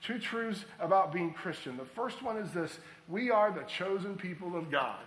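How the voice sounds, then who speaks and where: Pastor, male, high voice, preaching with emphatic call-and-response, echoey church. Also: expressive, normal speed, fairly bright tone. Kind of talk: sermon.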